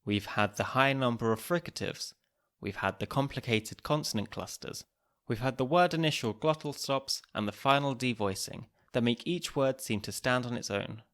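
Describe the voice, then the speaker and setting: A male host narrates a scripted podcast segment. His delivery is clear and measured, at a middle pitch, in the manner of an explainer. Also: a bit bright.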